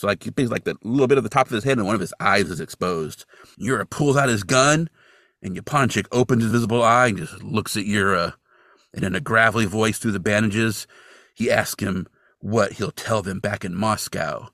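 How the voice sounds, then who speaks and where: Animated man wryly recapping TV plot. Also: fairly low pitch, creaky, no room sound, clean studio sound. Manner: animated and wry, jokes and mocks the characters while narrating. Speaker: podcast co-host recapping a TV episode. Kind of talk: casual recap with jokes.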